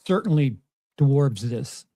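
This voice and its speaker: A male panelist rambles through an explanation, stammering and restarting, his pitch lively and moving a lot. He sounds dry and close to the mic. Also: a little slow, dry recording. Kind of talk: casual panel discussion.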